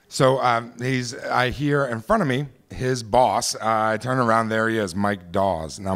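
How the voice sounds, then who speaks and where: Low-voiced man telling a story. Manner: conversational, halting with fillers and restarts. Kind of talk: live personal storytelling. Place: small theater stage.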